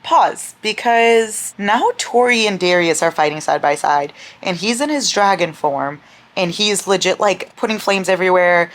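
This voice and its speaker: Excitable young woman gushing over a book. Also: lowish voice, a little slow, a little hiss or hum. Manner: excitable and gushing, laughs often, swears casually. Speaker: book vlogger. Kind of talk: casual reading vlog chat.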